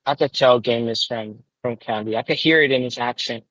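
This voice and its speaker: A man's voice: medium pitch, fairly quick, a bit bright, dry recording. A man chatting in a laid-back way on a livestream, often saying "yo". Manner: laid-back, says "yo" a lot. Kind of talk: casual livestream chat. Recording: dull lo-fi audio.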